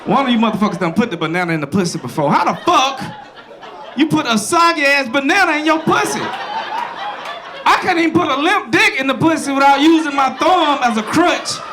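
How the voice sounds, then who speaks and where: High-voiced man doing crude stand-up. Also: a little fast. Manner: loud, crude, animated, makes silly sound effects. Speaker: stand-up comedian. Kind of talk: stand-up comedy set. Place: comedy club stage. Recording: live club with crowd noise. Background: crowd laughing.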